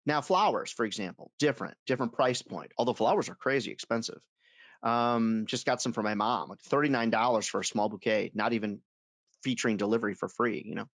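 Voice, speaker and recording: A man leading a sales webinar for advertising reps, telling stories in an animated, self-amused way. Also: medium pitch, brisk, no echo. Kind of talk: webinar talk.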